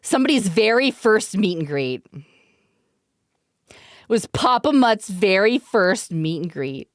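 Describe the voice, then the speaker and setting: Casting: Canadian woman streamer, unhurried, laughs and swears through her stories, close dry mic. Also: medium pitch, no room sound. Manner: giggly, profane, animated storyteller. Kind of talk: casual storytelling to stream chat.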